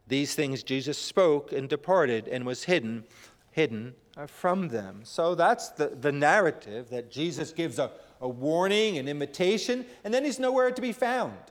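Halting preacher with a higher voice. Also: male voice, lively intonation. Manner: halting, with frequent "uh" and restarts. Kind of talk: sermon, reading and explaining scripture. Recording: long hall reverb.

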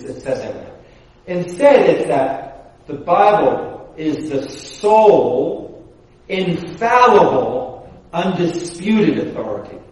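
A male pastor preaches in a loose, conversational way, restarting phrases and asking the congregation questions. His voice sits a bit high. The sound is very echoey, picked up from a distance in a church sanctuary. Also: darkish tone. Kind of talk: sermon. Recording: very echoey room from far off.

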